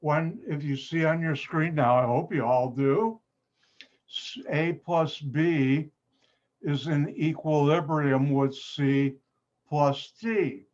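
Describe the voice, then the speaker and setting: A man's voice: on the high side, slow, a little mellow. A man from Chicago with a Chicago accent teaching a live online chemistry class, upbeat and joking with his students. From Chicago, USA. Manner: jokey, upbeat, self-mocking. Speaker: chemistry instructor. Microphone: video call. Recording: muffled video-call audio.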